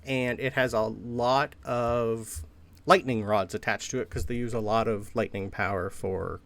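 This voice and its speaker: A man's voice: lowish voice, fairly even intonation, unhurried, creaky, a bit bright. A man acting as game master, describing a workshop scene loosely, with lots of fillers. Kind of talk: narrating a tabletop game.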